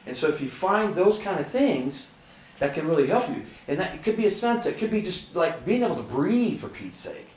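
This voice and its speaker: A man's voice: on the high side, sing-song, brisk, a little mellow, distant mic, a little hiss or hum. A middle-aged man giving an earnest, conversational motivational talk to an audience, laughing often. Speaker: motivational speaker. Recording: echoey room, speaker away from the mic.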